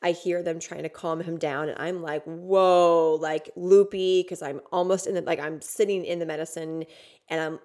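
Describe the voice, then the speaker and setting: A woman's voice: low voice, darkish tone. A woman podcast host telling a personal story in a casual, rambling way, with many fillers and some swearing. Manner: casual, filler-heavy, swearing, intense retelling.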